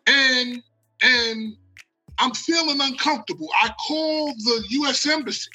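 An American man telling a long story in casual talk. He is animated and profane, and he acts out the quotes. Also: very high voice, measured pace, faint music behind, poor audio. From United States. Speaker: guest storyteller.

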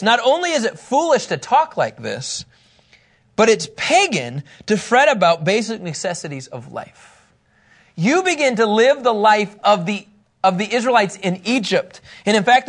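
A man with a notably high voice preaches a sermon. He teaches with emphatic, animated delivery and acts out the quotes he reads. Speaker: pastor.

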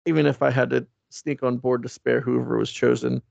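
A naive, earnest comic-book superhero, done by a man, noble and cheerfully clueless. The voice is gravelly and fried, recorded dry and a bit dull. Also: mid-range voice, little pitch movement, brisk, darkish tone, dry recording.

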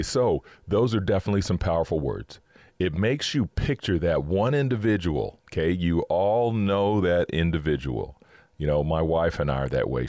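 A man's voice: extremely low pitch, a little mellow, dry recording. A man hosting a casual faith talk, upbeat and chatty, laughing often as he teaches. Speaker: podcast host.

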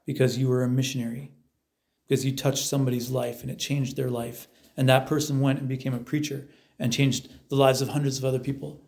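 Male preacher, mid-pitch, casual and vivid, guiding a spoken meditation. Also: little pitch movement, fairly quick, creaky, a little mellow. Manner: conversational, vivid storytelling, acts out crowd chants and voices. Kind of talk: guided meditation talk.

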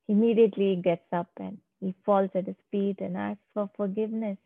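A woman telling a devotional story in a slow, emphatic way, repeating key phrases. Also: mid-range voice, steady tone, gravelly, no echo. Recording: tinny phone-like, dry sound.

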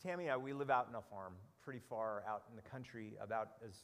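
A middle-aged man preaching a sermon with animated storytelling, often repeating words as he goes. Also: fairly low pitch, fast, in a large hall. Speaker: pastor.

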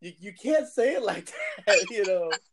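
A man's voice: high-pitched, lively intonation, measured pace, noisy background. A man chatting casually, telling laid-back stories and laughing often. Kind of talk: casual chat.

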